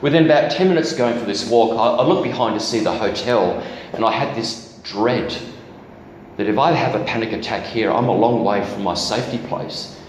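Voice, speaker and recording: A man's voice: fairly low pitch, a little fast, slight background noise. Man preaching in an echoey hall. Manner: candid storytelling with self-deprecating humor. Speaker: guest preacher. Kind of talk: personal testimony sermon. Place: church hall.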